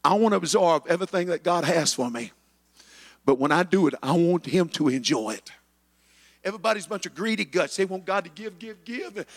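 Male preacher, 50s, high and gravelly, builds to shouting, echoey hall. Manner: builds to shouted climaxes, chanting amen. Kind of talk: sermon.

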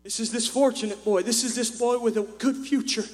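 A man with a very high voice preaches to his church, swinging from quiet asides into impassioned shouting. His voice carries a long reverb from the hall. A faint electrical hum sits underneath. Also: steady tone, fairly quick. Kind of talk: sermon. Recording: echoey hall with mains hum.

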